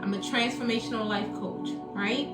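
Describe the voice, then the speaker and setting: A woman hosting a live motivational talk as a life coach, energetic and preachy, often calling out to her audience. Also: on the high side, moderate pace. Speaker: life coach and show host. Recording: echoey room, a bit distant, faint music.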